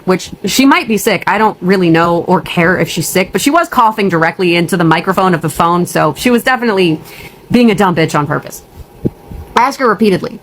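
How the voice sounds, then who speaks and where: A woman's voice: on the low side, slight background noise, poor audio. Tearful woman ranting about betrayal. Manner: ranting, upset, blunt and profane. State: near tears. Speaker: storyteller. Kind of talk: emotional storytime vlog.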